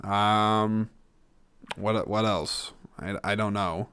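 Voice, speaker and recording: A man's voice: on the low side, steady tone, drawn-out words, a bit bright, clean tone, no room sound, clean studio sound. A man hosting a solo podcast, rambling and thinking aloud, often stopping and restarting. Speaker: podcast host. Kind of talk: casual solo podcast talk.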